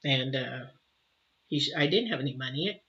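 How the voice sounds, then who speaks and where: A middle-aged woman giving a live intuitive tarot reading, emotional and exclamatory, moving between loud bursts and soft murmurs. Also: rumbling low, expressive, moderate pace. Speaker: tarot reader. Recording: slightly dull, faint noise.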